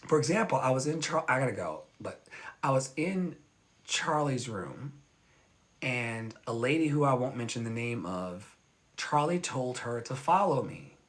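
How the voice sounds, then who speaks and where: A man hosting a casual livestream as an online pastor, candid and animated, swearing freely and laughing often. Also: mid-range voice, measured pace. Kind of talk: casual livestream chat with viewers.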